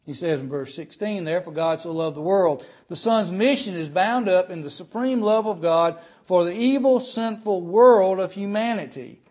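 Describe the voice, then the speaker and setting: A pastor preaching a sermon. He speaks earnestly, often says "uh" and repeats words, and reads scripture slowly and with emphasis. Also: high voice, a little mellow.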